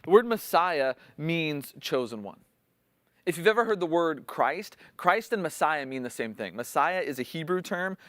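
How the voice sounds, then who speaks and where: A man delivers a sermon in an easygoing, conversational way, as if talking with friends, with a somewhat higher-than-usual voice. He leans into the quoted lines with more force. The sound is close and dry, with no room echo. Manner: conversational teaching, acts out quotes with rising intensity. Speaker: pastor.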